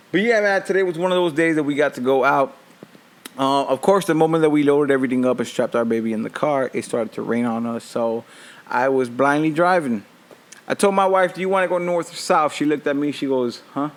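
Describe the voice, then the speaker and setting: A man in his thirties tells everyday stories alone on his podcast, loose and profane, breaking into laughter. His voice sits a little high for a man. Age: 30s. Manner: profane, animated, laughing often. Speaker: podcast host. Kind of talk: casual storytelling monologue.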